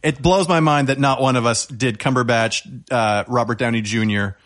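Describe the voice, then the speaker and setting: A man's voice: medium pitch, normal speed, a bit bright. A man in casual tabletop role-play chat who leads the game, reads the rules aloud and jokes in character. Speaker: game organizer.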